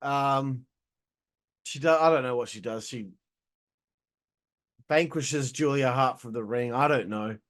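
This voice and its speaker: A man's voice: medium pitch, unhurried, long pauses, a bit bright. A young man hosting a casual show, giving a blunt, exasperated review and swearing freely. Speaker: host reviewing wrestling shows.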